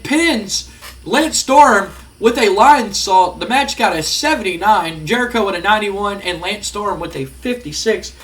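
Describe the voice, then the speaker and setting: A man narrating his wrestling management game, excitedly acting out the wrestlers' lines and reacting to results. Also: high voice, measured pace. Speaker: gaming video host. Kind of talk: narrating a wrestling sim playthrough.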